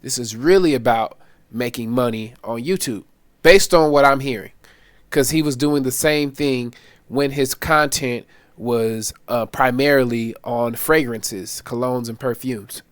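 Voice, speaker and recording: A man's voice: medium pitch, a little slow, no room sound. Male commentary host, wry, laughing at his points, dry close sound. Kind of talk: reaction commentary.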